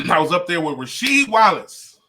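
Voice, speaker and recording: A middle-aged comedian from Detroit telling a story in a casual interview, laughing often and cursing freely. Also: male voice, sits high, very animated, moderate pace, bright, forceful tone. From Detroit, USA. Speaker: comedian guest.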